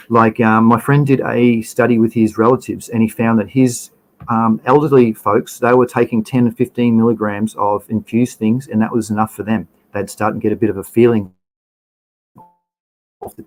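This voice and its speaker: A man's voice: mid-range voice, a little mellow, rough recording. An Australian man hosting a casual livestream, talking his way loosely through slides and greeting viewers by name. He rambles, trails off and picks his thread back up, with a mid-range voice. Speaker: livestream host.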